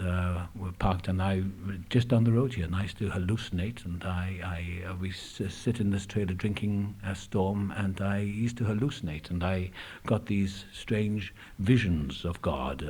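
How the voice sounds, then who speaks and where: At a meeting room gathering, a man shares his personal recovery story as an AA speaker, candid and reflective with many hesitations. His voice is low-pitched, a little mellow, and husky.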